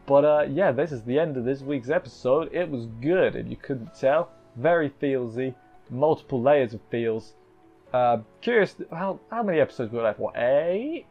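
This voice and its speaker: A man's voice: medium pitch, animated, dull audio, faint music behind. A man casually reviewing an anime episode, rambling with restarts and briefly acting out characters' lines. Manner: chatty, rambling with many restarts and fillers; acts out characters' lines in quick asides.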